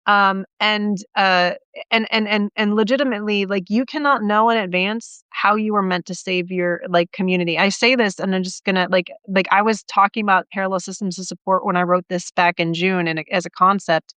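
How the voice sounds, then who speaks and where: A woman's voice: medium pitch, fairly even intonation, fairly bright tone, smooth, no room sound. A woman guest on a live video call, talking passionately and filling her speech with "like" and restarts. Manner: passionate, fast, lots of "like" and restarts. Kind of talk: casual conversation on a live stream.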